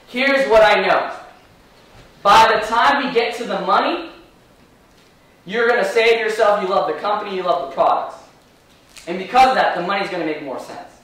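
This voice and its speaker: A man leading a live sales training, energetic and firing rhetorical questions at the room. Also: high voice, normal speed, long pauses. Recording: very echoey room from far off.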